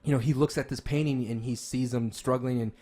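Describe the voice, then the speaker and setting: A podcast co-host chats casually and eagerly about games and movies, rambling with plenty of restarts and filler words. His mid-range voice is mellow and fairly even in intonation, and he talks fairly quickly.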